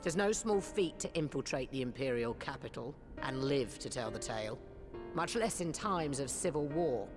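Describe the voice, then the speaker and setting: A composed female leader with a very low voice and a formal, archaic way of speaking. Her words ring out with a long reverb, and music plays clearly behind her in this game scene. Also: expressive, normal speed.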